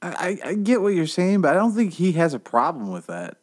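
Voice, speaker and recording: A man in casual chat with friends, jokey and quick to laugh. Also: on the high side, sing-song.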